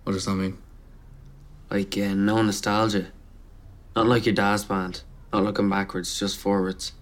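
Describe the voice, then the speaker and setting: A man acting out a deadpan young man earnestly talking about bands in a low, flat mumble. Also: measured pace, natural voice.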